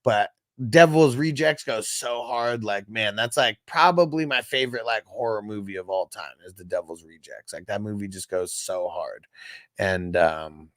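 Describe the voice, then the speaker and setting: A man's voice: on the low side, moderate pace, a bit bright, no room sound, clean studio sound. A young man hosting a casual livestream, reading out chat comments in a loose, rambling way and swearing freely. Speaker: host.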